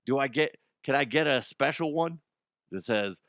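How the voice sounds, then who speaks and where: A male podcast host in his forties, from Colorado, rants casually about odd news and swears freely. His voice sits at an ordinary male pitch and is recorded on a close mic in a dry, dead room. He laughs easily while chatting. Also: animated, moderate pace, fairly bright tone, dry recording. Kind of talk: casual profane comedic rant.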